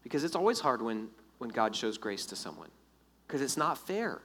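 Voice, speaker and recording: A man preaching a sermon in a lively, conversational way, acting out the quotes. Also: medium pitch, moderate pace, husky. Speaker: pastor.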